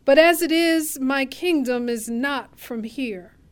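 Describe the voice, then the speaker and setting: A woman giving voice to a calm accused man on trial, answering in a measured, solemn way. Her high voice moves slowly through each phrase.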